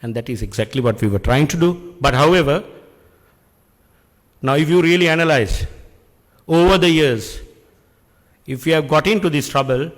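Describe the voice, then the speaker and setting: Sri man, middle-aged, somewhat high voice, deliberate speech, rhetorical questions, long hall reverb. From Sri Lanka. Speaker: public speaker addressing an industry function. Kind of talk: speech at an event. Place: function hall.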